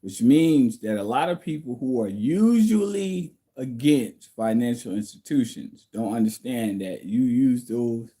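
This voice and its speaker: A man's voice: medium pitch, dark tone. A man hosting a casual livestream from home, reading viewer comments and answering them bluntly, like a lecture.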